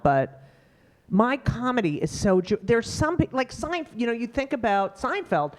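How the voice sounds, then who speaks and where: A middle-aged woman comedian, telling stories emphatically in a panel conversation. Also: moderate pace. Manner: animated, emphatic storyteller with sudden pitch jumps. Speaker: stand-up comedian.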